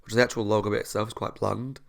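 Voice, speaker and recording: A man's voice: on the low side, level tone, fast, gravelly. A young man, hosting a reaction video in earnest, rambling casual chat and laughing often.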